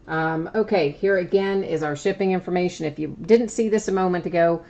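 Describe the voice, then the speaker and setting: A woman's voice: lowish voice, a little fast, mellow, highs cut off. A woman hosting a live stream, chatting casually and explaining shipping details at length, laughing at herself now and then. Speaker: live stream card break host.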